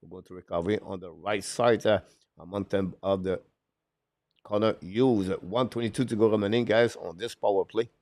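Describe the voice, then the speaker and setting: A man calling hockey play-by-play on a live stream. He talks haltingly, with frequent "uh" fillers, broken English phrasing and apologetic self-corrections. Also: fairly low pitch, fairly even intonation, darkish tone, dry recording. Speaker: play-by-play commentator and show host.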